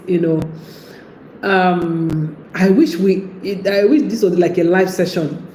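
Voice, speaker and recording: A woman's voice: lowish voice, steady tone, takes it slowly, dark tone. A woman giving casual relationship advice, chatty and laughing often as she acts out what a partner might say. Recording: echoey room with faint background noise.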